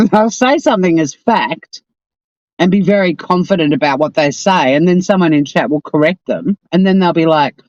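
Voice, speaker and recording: An Australian woman hosts a casual live stream, wandering from story to story in an offhand, rambling way. Her exasperation shows in quick asides. The sound is dry and close, and a bit dull and muffled. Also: lowish voice, a little mellow, no echo.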